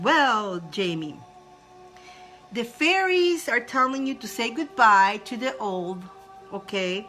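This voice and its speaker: Her voice sits on the high side, sing-song and sharp, moving slowly with frequent pauses while faint music plays behind. This live-stream spiritual reader is emotional and effusive, laughing a lot and addressing her audience directly.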